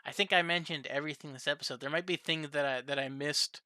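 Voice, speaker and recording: Bright-voiced rambling young reviewer man. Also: fairly high pitch, fairly even intonation, quick pace, dry recording. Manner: rambling, lots of fillers and restarts. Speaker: YouTube reviewer.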